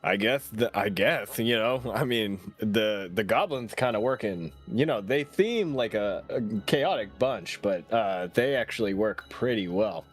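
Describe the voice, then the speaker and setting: A man's voice: fairly low pitch, lively intonation, a little slow, hardly any pauses, soft background music. A man playing a tabletop game, chatty and joking, hesitating with "um" and "I guess". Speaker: player.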